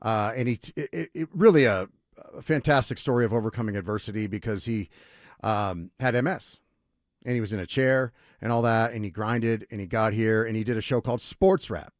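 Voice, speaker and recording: A man's voice: on the low side, fairly quick, dry recording, clean studio sound. A middle-aged man hosting a sports radio show, talking casually and telling rambling stories with lots of energy. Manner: animated, rambling storyteller. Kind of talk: casual radio talk and storytelling. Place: radio studio.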